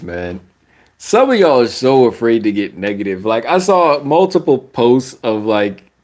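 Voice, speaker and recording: A young man giving casual, slangy basketball commentary. He rants, laughs often and mocks other people with sudden high-pitched voices. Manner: animated, laughing, slangy, mocking voices with big pitch jumps.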